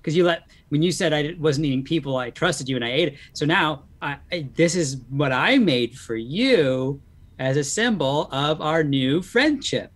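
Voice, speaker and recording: A man's voice: on the high side, animated, normal speed. A man voicing a timid, nervous monster youth who rambles earnestly as he tries to make friends in a tabletop game.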